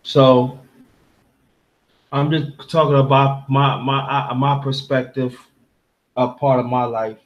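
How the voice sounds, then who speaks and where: Over dull audio, a male panel host from Brooklyn, New York, speaks slowly with a medium pitch and flat delivery, pausing often. Emotional yet casual, he recounts a heartfelt story, rambling with many restarts.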